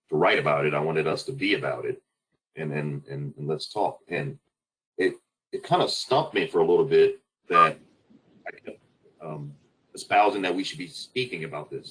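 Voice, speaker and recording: A man who leads in the fire service, speaking on a webinar panel in a halting way, stopping often to search for words. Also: very deep voice, fairly bright tone, poor audio.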